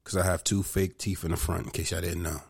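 A man's voice: low voice, creaky, husky. A man co-hosting a podcast in casual, profane chat, speaking with a slight lisp. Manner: profane, animated, quick to joke. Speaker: podcast co-host.

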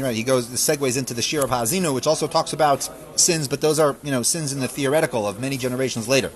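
A man teaching a Torah lesson, reading verses aloud and explaining them with fervent emphasis that falls back to quiet reflection. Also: medium pitch. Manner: reads verses aloud, then translates and explains. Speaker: rabbi teaching a class.

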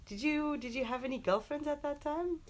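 A woman's voice: high voice, brisk. A young woman from Germany, telling a story in casual chat with her partner, laughing often. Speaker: co-host.

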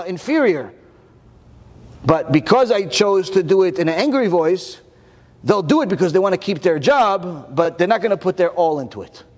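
In a high voice with a long reverb tail trailing after it, a man gives an animated Torah lecture to his listeners. He asks plenty of rhetorical questions and repeats words as he gropes for the next one.

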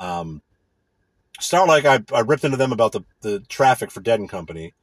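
A man's voice: on the low side, sing-song, a little fast, no room sound. A man in a casual, profane, indignant rant. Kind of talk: casual ranting monologue.

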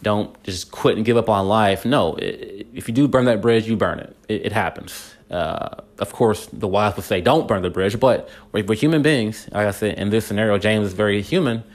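Guy doing a faith-y encouragement podcast, lowish voice, stumbles and repeats a lot. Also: normal speed, few pauses. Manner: earnest, repeats words, many fillers and restarts. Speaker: podcast host. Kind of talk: reflective motivational podcast talk.

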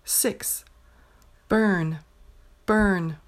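A woman teaching pronunciation, slowly reading a numbered word list and saying each word twice with careful clarity. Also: mid-range voice. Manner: says each word twice, clearly and deliberately. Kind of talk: slow dictation of a word list.

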